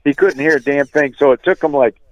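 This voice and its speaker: A man guesting on a radio show, telling an animated, profane story and saying "dude" a lot. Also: fairly high pitch, a little fast, dry recording. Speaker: guest musician. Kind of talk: casual storytelling. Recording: tinny phone line, dry.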